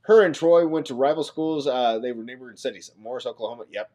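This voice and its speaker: A man's voice: mid-range voice, fast talker, warm tone. A man hosting a casual livestream from Nebraska, chatting and joking with viewers as he reads the chat aloud. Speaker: livestream host.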